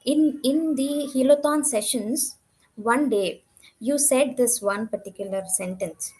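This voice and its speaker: High-voiced woman. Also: measured pace, dark tone, poor audio. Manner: earnest, candid, self-reflective. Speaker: program participant giving a testimonial. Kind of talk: conversational testimonial.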